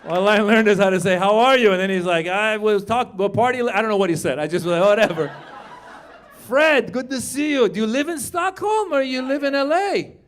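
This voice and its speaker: A man in his fifties performing a stand-up comedy set on a club stage, chatting with the crowd and jumping into loud put-on voices. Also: high voice, lively intonation, fairly quick, hardly any pauses. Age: 50s.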